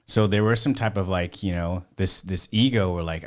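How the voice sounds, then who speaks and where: A man with a fairly low voice tells a story as a podcast guest. He rambles, restarts sentences and swears freely, keeping it loose and casual. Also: moderate pace, hardly any pauses. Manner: rambling, profane, many fillers and restarts.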